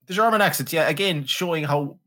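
A man's voice: on the high side, fairly quick, bright, forceful tone. A man co-hosting a casual film review chat, sarcastic and sweary as he riffs on a movie. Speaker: podcast co-host.

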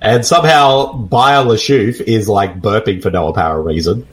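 A man co-hosting a casual movie-riffing podcast, joking and laughing often. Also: lowish voice. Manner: laughing, quick jokey asides.

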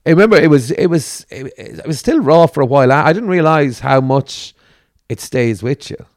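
Middle-aged comic guest, gravelly voice with a dry recording, spins vivid anecdotes. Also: male voice, a little high, expressive, a little fast, no echo. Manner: vivid storyteller, acts out the people he quotes. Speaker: comedian guest. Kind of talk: casual podcast chat.

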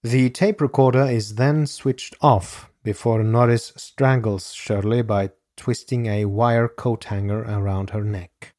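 A man reading a scripted true crime narration in a measured, grave way, as a podcast host. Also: on the low side, steady tone, darkish tone, no room sound, clean studio sound.

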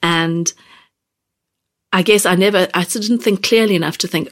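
A woman in her thirties or forties hosting a podcast, speaking gently and haltingly about personal feelings, close to tears. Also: on the low side, slightly rough. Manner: gentle, halting, many fillers and restarts. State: near tears. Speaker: podcast host. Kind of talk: reflective personal podcast talk.

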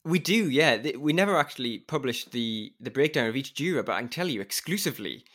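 A man's voice: medium pitch, expressive, fast, a bit bright. A man hosting a podcast, chatting in a playful, teasing way. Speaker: podcast host. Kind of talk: casual podcast chat.

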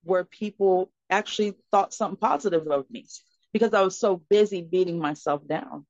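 A woman guest on a podcast, telling a personal story in an earnest, expressive way. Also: on the low side, normal speed, no room sound. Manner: earnest and expressive, acting out dialogue in her story. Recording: slightly muffled, dry recording.

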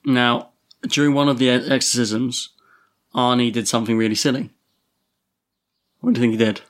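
A man's voice: medium pitch, level tone, normal speed. A man, co-hosting a podcast and leading the story in a casual chat while teasing his co-host with questions.

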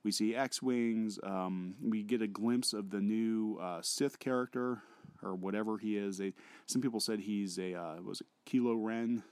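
A man's voice: lowish voice, steady tone, measured pace, a little mellow, clear, resonant tone, dry recording. A man co-hosting a podcast in casual chat, rambling and hesitant with many fillers. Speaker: podcast co-host.

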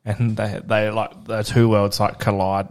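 Laid-back man, low voice. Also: flat delivery, measured pace, a little mellow. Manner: rambling, full of "like" and "um", laughs often. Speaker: podcast co-host. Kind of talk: casual banter. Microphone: podcast microphone.

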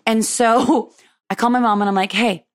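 A woman hosting a podcast, telling a personal story in a lively way and acting out what people said. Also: normal speed. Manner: animated, acts out quoted dialogue with big pitch jumps. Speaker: podcast host.

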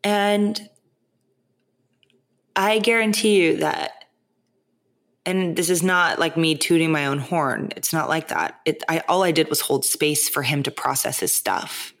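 A woman hosting a podcast, talking in a casual, animated way, full of "like" and "right?". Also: sits low, unhurried. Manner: animated, chatty, lots of "like" and "right?". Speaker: podcast host. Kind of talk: casual spiritual monologue.

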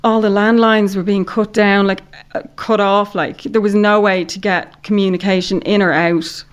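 An Irish woman from Ireland, a podcast guest telling a story in casual chat, animated and full of "like". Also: medium pitch, normal speed, smooth. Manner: animated storyteller, heavy use of "like".

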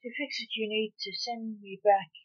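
A woman's voice: a little high, normal speed, natural voice. A woman reading as Blake, a blunt grandfather coroner. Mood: plain. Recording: dull lo-fi recording.

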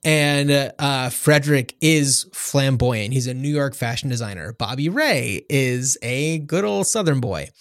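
A man's voice: mid-range voice, lively intonation, measured pace, hardly any pauses, no room sound, clean studio sound. A man co-hosting a podcast, chatting casually about a film with lots of fillers and restarts. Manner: rambling, many fillers and restarts. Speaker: podcast co-host.

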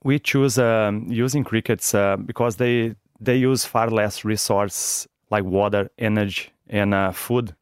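A man's voice: lowish voice, steady tone, a little slow, few pauses, clean tone, no echo, clean studio sound. A man from Brazil with a Brazilian Portuguese accent, answering interview questions in a hesitant way. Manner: hesitant, frequent ums. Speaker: guest, company co-founder.

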